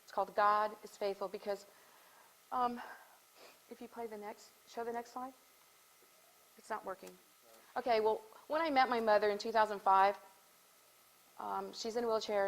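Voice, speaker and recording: A woman in her fifties gives a heartfelt, halting speech at an event, choked up at times. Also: medium pitch, low-quality recording. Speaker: guest speaker.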